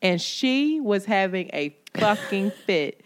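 Animated woman telling wild stories. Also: medium pitch, takes it slowly. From New York. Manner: animated storyteller, swears freely, laughs often. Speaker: podcast co-host. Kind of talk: casual chat.

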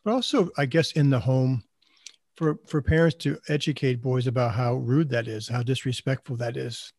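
A man's voice: medium pitch, normal speed, darkish tone, no room sound, studio quality. A man hosting an interview, asking earnest, reflective questions. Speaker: host. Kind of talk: interview conversation.

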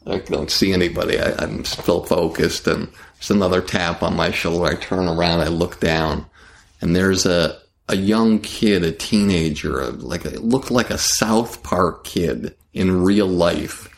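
Low, unhurried man telling a story. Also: creaky. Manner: animated, acts out scenes, trailing restarts. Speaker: comedian. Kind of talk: storytelling in conversation.

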